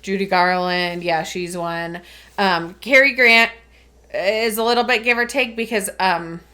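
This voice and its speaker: Female podcast co-host, casual and chatty, mid pitch, laughs easily while explaining. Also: steady tone, a little slow, pushed and bright. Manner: chatty, laughs often, explains with many ums. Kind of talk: casual chat.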